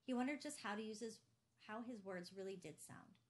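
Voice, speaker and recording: A woman reads a novel aloud at a middle pitch in a steady, measured way. The narration is even and unhurried, suited to an audiobook. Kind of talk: scripted narration.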